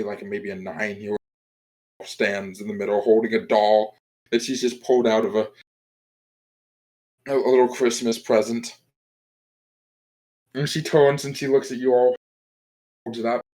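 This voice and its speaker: A man running a tabletop game as game master, setting spooky scenes in a deliberate way. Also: mid-range voice, fairly even intonation, a little mellow, poor audio.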